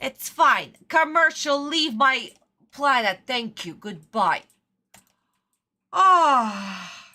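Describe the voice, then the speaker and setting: A woman's voice: high-pitched, animated, slow, pushed and bright. A young adult woman streaming an episode reaction, ranting and swearing in exasperated outbursts. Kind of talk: casual livestream reaction.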